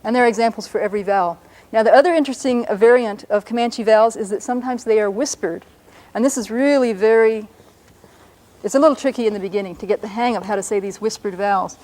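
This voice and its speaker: A woman teaching a language lesson on a broadcast show, patiently explaining and slowing down to sound out words. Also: mid-range voice, a little mellow.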